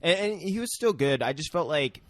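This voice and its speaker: A man's voice: on the high side, fairly quick, no echo. Laid-back man chiming in. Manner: relaxed, agreeable, chiming in with short remarks. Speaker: podcast co-host. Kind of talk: casual chat discussing a movie.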